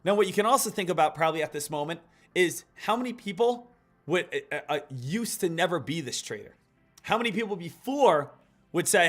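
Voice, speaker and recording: A man's voice: sits high, animated, fairly quick, fairly bright tone, faint music behind. Upbeat man hosting a live trading stream. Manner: upbeat, repetitive hype, addresses viewers as guys and traders. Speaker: day-trading livestream host. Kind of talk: live market commentary and coaching.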